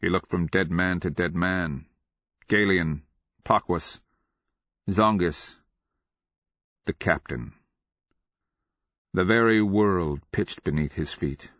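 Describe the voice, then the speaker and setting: Deep, slow male audiobook narrator. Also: a bit bright, no echo. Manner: measured, deliberate, dramatic. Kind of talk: scripted literary narration. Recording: slightly muffled dry recording.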